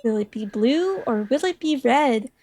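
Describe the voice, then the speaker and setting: A woman's voice: high voice, lively intonation, unhurried, a little mellow, a little hiss or hum. A woman voicing a gleeful, unhinged young woman running a death game in a visual novel, with a giggly, sing-song manner.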